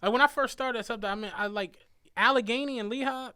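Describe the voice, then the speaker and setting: A man from Philadelphia who drives a bus, telling animated, laughing stories on a casual podcast. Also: very high-pitched, quick pace, clean tone. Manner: animated, laughing anecdotes with voiced asides. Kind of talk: casual storytelling chat.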